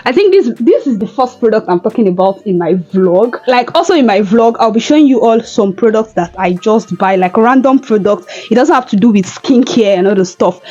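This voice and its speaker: A woman's voice: mid-range voice, mellow, highs cut off. A young woman, chatting casually and giggly in a home vlog. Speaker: vlogger.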